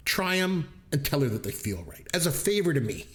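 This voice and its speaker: A man's voice: on the high side, sing-song, a little fast, a bit bright, slight background noise. Chuckling man retelling movie scenes. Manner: laughs often while retelling scenes. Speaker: podcast co-host. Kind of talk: casual movie review chat.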